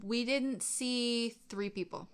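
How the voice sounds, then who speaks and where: A woman co-hosting a casual anime reaction chat, chatty and animated, laughing often and trailing off mid-sentence. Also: on the high side, takes it slowly, clear, resonant tone. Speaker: co-host reacting to an anime episode.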